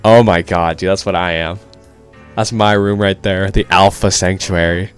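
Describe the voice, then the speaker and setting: Casual swearing streamer, low voice, faint music under it. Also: male voice, steady tone, normal speed, clean tone. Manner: casual, swears freely, self-mocking. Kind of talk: playing a story game, reading lines aloud with commentary.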